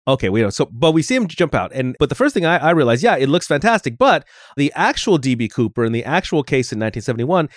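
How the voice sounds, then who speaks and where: A man co-hosting a podcast in casual chat, agreeable and quick to affirm. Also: medium pitch, very animated, dry recording, studio quality. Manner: agreeable, affirming, laughs easily. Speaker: podcast co-host.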